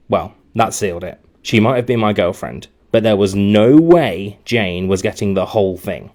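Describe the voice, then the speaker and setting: Lively male teacher reading a story. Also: fairly low pitch, moderate pace, hardly any pauses. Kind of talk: storybook narration.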